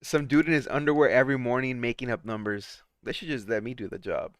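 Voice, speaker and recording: A man's voice: mid-range voice, steady tone, quick pace, dry recording, clean studio sound. A man hosting a casual stock-market livestream, chatting with co-hosts and reading out viewer comments and trending topics. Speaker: livestream host.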